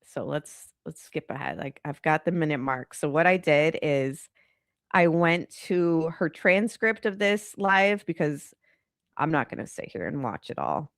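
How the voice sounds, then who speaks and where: A woman's voice: deep voice, lively intonation, a little slow, creaky, no room sound, clean studio sound. Congested woman doing casual true crime chat. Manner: chatty and rambling, exasperated. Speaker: true crime channel host. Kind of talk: casual commentary on a live stream.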